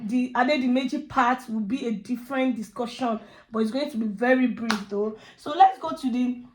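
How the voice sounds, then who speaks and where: A Nigerian woman giving a casual, heartfelt movie review, effusive in her praise and often repeating her words. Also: high voice.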